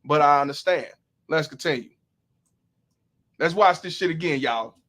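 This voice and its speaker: A man's voice: a little high, fairly bright tone. A man hosting a livestream, commenting on a clip in profane slang and reading out viewer donations. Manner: profane, drawn-out, preachy slang. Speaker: host.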